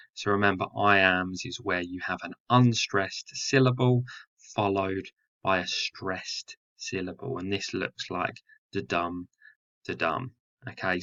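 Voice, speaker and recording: A man's voice: low-pitched, pushed and bright, muffled recording. A man teaching a recorded lesson on a poem. He explains step by step and often says "so remember" and "um". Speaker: English teacher.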